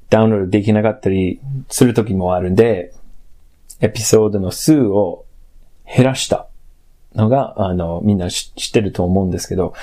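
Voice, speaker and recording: A man's voice: on the low side, warm tone. A man hosting a podcast alone, talking in a casual, playful way, switching between sulky grumbles and muttered asides. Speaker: podcast host. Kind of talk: bilingual casual podcast chat.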